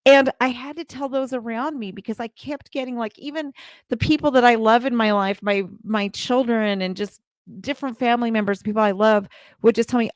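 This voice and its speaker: A woman's voice: a little high, fairly quick, dry recording, studio quality. A woman in her forties gives a heartfelt motivational talk to live viewers as a community leader, speaking earnestly and repeating her phrases.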